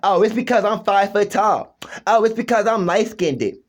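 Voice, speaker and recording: A man's voice: sits high, moderate pace, pitched above the performer's own voice. A man mimicking an insecure woman who whines about her own flaws, over and over. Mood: self-pitying. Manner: whiny, repetitive self-pity.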